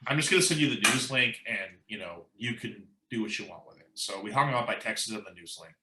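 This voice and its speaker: An American musician, a man with a fairly low voice, tells a brisk, animated anecdote as a guest in a casual interview. He quotes others and leans on "like" and "you know," and the rough recording echoes around the room.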